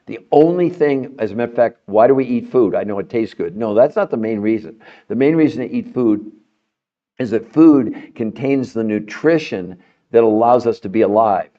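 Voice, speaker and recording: A middle-aged man speaks at a moderate pace in a medium-pitched voice, the highs cut off in the recording. Hosting a health podcast, he makes an emphatic, persuasive promotional pitch straight to viewers, rising in animation.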